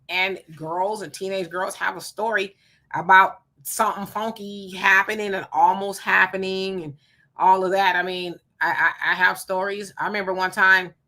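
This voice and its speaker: A middle-aged woman, hosting a live stream, reading viewer comments and telling stories in an animated, emphatic way; she is hot and sweating. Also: mid-range voice. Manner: animated storyteller, emphatic and preachy when warning.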